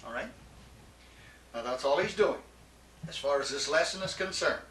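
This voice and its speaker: A man teaching a Greek class, patient, repeating his questions and laughing gently. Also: a little high, expressive, moderate pace. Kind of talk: classroom lecture. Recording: echoey classroom from far off, faint hiss.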